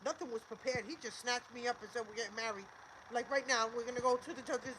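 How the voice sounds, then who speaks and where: A woman's voice: fairly high pitch, steady tone, fast, noisy background. An older woman hosting a livestream, talking emphatically and repeating herself, swearing and preaching encouragement. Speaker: livestream host. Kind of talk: emotional livestream monologue.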